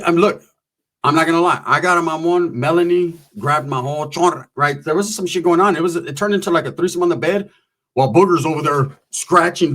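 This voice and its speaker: A man's voice: a little high, a bit bright. Profane, rambling man telling stories. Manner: profane, rambling, slangy, acts out quoted voices. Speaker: storyteller. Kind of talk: casual crude anecdote telling.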